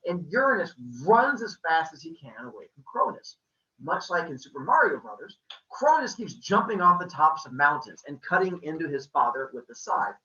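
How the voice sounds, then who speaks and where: Lively man telling a myth to a class. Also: a little high, moderate pace, roomy sound, far from the mic, muffled recording. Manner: lively, joking retelling. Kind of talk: casual storytelling to a class.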